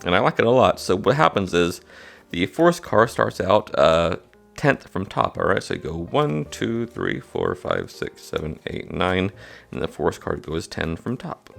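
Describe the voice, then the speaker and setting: A man's voice: low-pitched, huge pitch swings, measured pace, creaky, fairly bright tone, soft background music. A man casually explaining card magic step by step, often checking in with "all right?". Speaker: magic instructor. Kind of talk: card trick tutorial.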